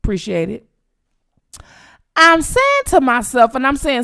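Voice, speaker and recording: Female channel host, blunt and teasing live commentary; fry-edged voice, pitch on the higher side. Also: huge pitch swings, measured pace, long pauses, sharp tone. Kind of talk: live-stream commentary talking to viewers.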